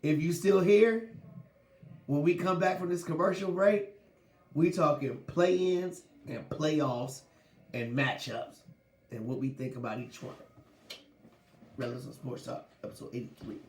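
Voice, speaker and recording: Animated male sports-talk host, a bit high-pitched, slangy, recorded in a roomy space. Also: unhurried. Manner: animated, slangy, laughs while talking. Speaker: podcast host.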